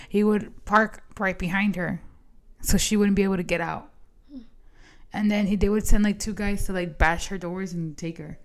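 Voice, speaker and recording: Swearing young woman telling stories. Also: medium pitch. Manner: animated storytelling, frequent swearing and "like". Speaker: podcast co-host. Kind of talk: casual chat.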